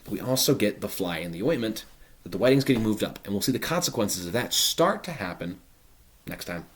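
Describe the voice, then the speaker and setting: A man's voice: on the low side, lively intonation, brisk. A man teaching a play, explaining each line in a conversational, paraphrasing way with casual fillers. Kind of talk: explanatory literature lesson.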